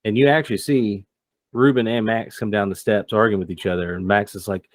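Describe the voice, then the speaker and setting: A man's voice: fairly low pitch, fairly even intonation, brisk. A man narrating a tabletop game as game master in a casual, rambling way. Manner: casual, rambling, many fillers.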